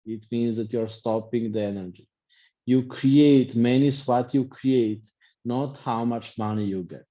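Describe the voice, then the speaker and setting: A man's voice: medium pitch, measured pace, mellow. A middle-aged man, a life coach teaching an online class in short, reflective, repetitive phrases. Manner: speaks in short reflective phrases, repeats himself. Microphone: video call. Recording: dull lo-fi video call audio.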